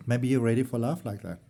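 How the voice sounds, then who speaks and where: A man's voice: mid-range voice, gravelly, warm tone, husky. A man, giving a casual tarot reading on his channel in a chatty, rambling, affectionate way. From South Africa. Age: early 40s. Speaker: tarot reader.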